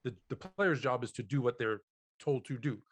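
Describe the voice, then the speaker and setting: Measured man pushing back in debate. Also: mid-range voice, husky. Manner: measured, stammering restarts when pushing back. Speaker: podcast co-host. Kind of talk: casual sports debate.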